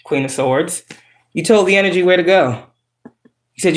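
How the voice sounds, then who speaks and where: A woman's voice: mid-range voice, normal speed. A woman tarot reader chatting casually to her viewers, outspoken and profane. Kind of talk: casual tarot reading chat. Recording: roomy echo.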